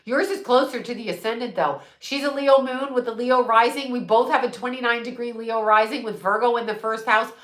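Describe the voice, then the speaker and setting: A woman's voice: on the high side, steady tone, a little fast, few pauses, reverberant. A middle-aged woman, a psychic medium, chatting casually and bluntly, swearing freely and laughing often. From United States. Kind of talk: casual livestream chat.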